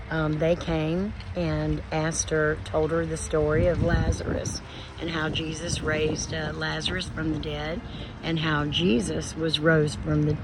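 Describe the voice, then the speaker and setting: Slow low woman, gravelly. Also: noisy background. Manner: slow, halting, with many fillers. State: emotional, grieving. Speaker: homestead vlogger. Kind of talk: personal vlog to camera. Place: outdoors.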